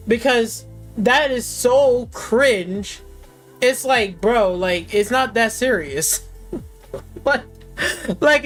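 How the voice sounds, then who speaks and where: A man's voice: high voice, a bit bright. A man hosting a gaming stream, ranting in an exasperated, mocking way and swearing constantly. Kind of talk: profane casual rant.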